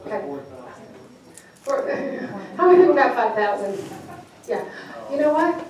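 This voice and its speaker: A woman's voice: sits high, expressive, measured pace, crowd noise. A woman gives a playful motivational talk, quizzing a live audience. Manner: playful, engages the audience with questions. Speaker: professional speaker. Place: large event hall. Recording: echoey hall, distant mic, noisy.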